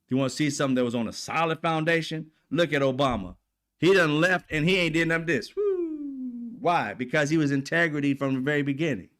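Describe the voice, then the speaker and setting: Male host, heated profane rant, voice sits a bit high, repeats himself for emphasis. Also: lively intonation, fairly quick, fairly bright tone. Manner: profane, fired up, repetitive. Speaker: commentary channel host.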